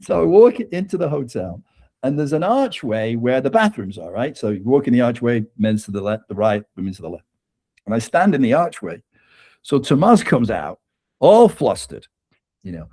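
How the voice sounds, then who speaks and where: Guy spinning a wild story on a podcast, middle pitch, super expressive delivery. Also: normal speed. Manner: animated anecdote-telling with frequent laughs and "right?" tags. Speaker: podcast guest and author. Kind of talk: conversational storytelling interview.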